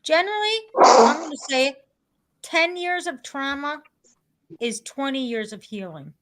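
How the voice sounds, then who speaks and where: A woman with a New York accent hosting a live panel in a lively, teasing way. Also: high-pitched, measured pace, noisy background.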